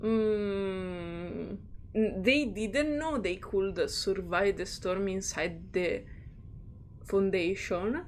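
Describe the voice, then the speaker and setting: A woman's voice: mid-range voice, drawn-out words, slight background noise. A woman streamer reading game text aloud and reacting in a chatty, giggly way. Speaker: gaming streamer.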